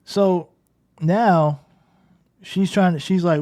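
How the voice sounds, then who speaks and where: A man's voice: a little high, animated, normal speed, long pauses, a little mellow. A man giving casual, critical commentary over game footage, talking in a loose, conversational way with lots of "like" and "right?". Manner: conversational, full of "like" and "right?", keeps pointing things out; critical, incredulous.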